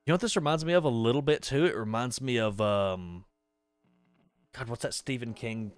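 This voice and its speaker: A young man streaming a horror game live, talking casually in a middle-pitched voice. He rambles from one aside to the next and breaks into startled yelps and curses. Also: normal speed, clean tone. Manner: chatty and rambling, jumps to startled yelps and swearing. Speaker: gaming streamer. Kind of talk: live horror gameplay commentary.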